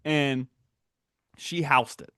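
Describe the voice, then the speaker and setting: A man's voice: mid-range voice, drawn-out words, clean tone, no room sound, studio quality. A man hosting a podcast, telling stories in casual chat and acting out the people he quotes. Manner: animated storyteller acting out quotes. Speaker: podcast host.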